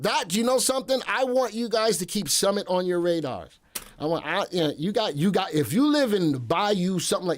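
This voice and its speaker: A man's voice: fairly high pitch, no room sound. A man hosting a live stock market show, talking casually and wandering into joking asides. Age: adult, past military service.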